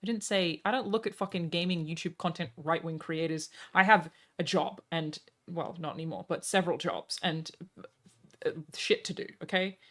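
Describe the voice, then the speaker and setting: A woman's voice: lowish voice, moderate pace. A woman streamer in casual chat, blunt and exasperated, swearing freely.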